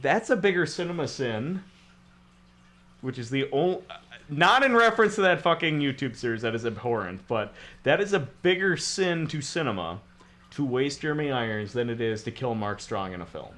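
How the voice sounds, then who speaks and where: A man's voice: medium pitch, lively intonation, moderate pace, a bit bright. A man co-hosting a casual movie podcast, ranting sarcastically and swearing freely. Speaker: podcast co-host.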